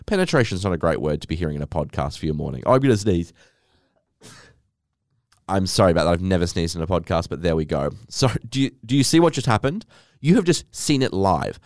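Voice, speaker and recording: A man's voice: sits low, sing-song, brisk, a little mellow, dry recording, clean studio sound. A man hosting a casual solo podcast, telling rambling stories in a sassy, swearing way. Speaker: podcast host.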